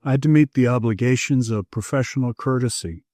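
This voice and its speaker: A man narrating a mystery audiobook in the first person with measured, steady storytelling. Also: mid-range voice, no room sound, clean studio sound.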